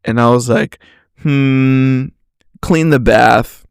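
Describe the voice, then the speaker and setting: A man's voice: mid-range voice, slow pace, creaky, smooth, no room sound, clean studio sound. A young man hosting a casual monologue, animatedly retelling a chat conversation, reading the messages aloud and swearing freely. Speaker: podcast host.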